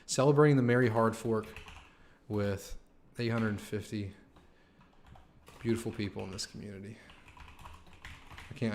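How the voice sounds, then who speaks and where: A young man hosting a live stream, chatting casually with his viewers, excited and slangy, swearing and saying "man" and "dude" a lot. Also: on the low side, moderate pace, pauses often, slight background noise. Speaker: livestream host.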